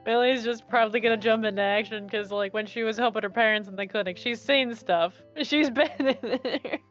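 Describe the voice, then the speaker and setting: Casual woman player, higher voice. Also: a little fast. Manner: laughs often, casual. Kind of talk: playing a tabletop game. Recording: dull lo-fi audio with faint music.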